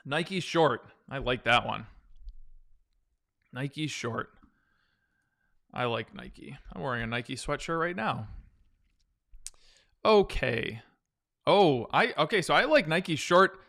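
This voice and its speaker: A man's voice: on the high side, lively intonation, takes it slowly, vocal fry, long pauses, pushed and bright. A man hosting a live stock-trading stream, chatting loosely through viewer questions and often restarting his sentences. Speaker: stock trading livestream host. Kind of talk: casual live-stream chart analysis.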